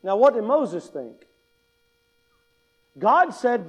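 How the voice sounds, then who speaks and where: A man giving a conversational sermon, joking with the congregation, mimicking voices and slowing down to stress his points. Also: high voice, big pitch swings, rough recording. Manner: conversational, jokey, mimics voices, slows for emphasis. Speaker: preacher. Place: church sanctuary.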